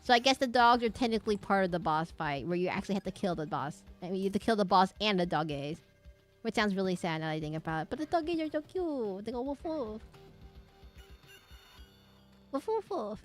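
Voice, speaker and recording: A young woman talks her way through a game stream in a loose, giggly ramble, circling back and restarting her sentences as she goes. Her pitch sits in a plain middle range. Faint game music hums underneath. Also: expressive, quick pace. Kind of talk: casual chat while streaming a game.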